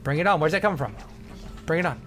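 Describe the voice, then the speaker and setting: A young man commentating a video game as he plays, goofy and joking, bursting into shouts. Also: a little high, animated, fast talker, soft background music. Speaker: gameplay commentator. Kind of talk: let's play commentary.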